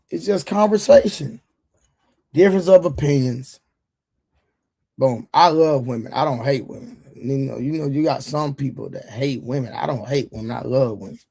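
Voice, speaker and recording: A man with a hoarse voice hosting a livestream, chatting loosely with viewers in slangy banter full of repeated fillers. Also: fairly high pitch, dark tone. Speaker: livestream show host. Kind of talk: casual livestream chat with viewers.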